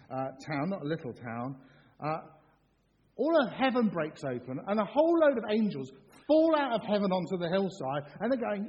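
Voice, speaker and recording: A middle-aged man delivering a sermon, bouncing between jokes and earnest points. His voice sits a little high and swings widely in pitch. The sound is slightly muffled, with a long reverb trailing off the walls of a large church. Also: a little hiss or hum. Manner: animated, jokey, acts out shouts. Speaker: preacher.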